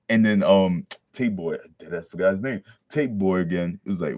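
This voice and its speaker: A man's voice: low voice, normal speed, hardly any pauses, a little mellow, no room sound, clean studio sound. A man casually reading a manga chapter aloud, breaking in with slangy, joking commentary. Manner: slangy, joking asides between read lines. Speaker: manga reader.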